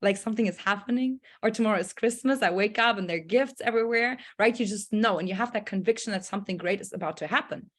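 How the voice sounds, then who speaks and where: A woman talks over a video call in a casual, motivational way, earnest and animated. She tells her story with many fillers and restarts, and she acts out her own past thoughts. Her voice sits at a middling pitch. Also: quick pace, few pauses. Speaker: speaker sharing a personal story on a group call. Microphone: group video call.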